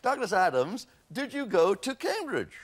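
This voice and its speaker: A high-pitched, unhurried man hosts a television quiz show, reading out the answers with witty puns and quips in a lively delivery. It's a TV broadcast with background noise.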